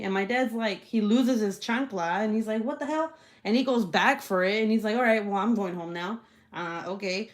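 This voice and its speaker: A woman hosting her own livestream, telling a story casually, swearing freely and acting out everyone's lines with big jumps in her voice. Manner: animated, swears freely, acts out quotes with big pitch jumps; laughs often while telling the story. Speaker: channel host.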